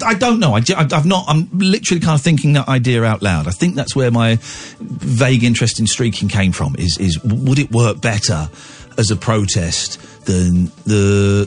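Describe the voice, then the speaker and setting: A man hosting a radio phone-in, thinking aloud with many restarts. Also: medium pitch. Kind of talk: casual radio talk.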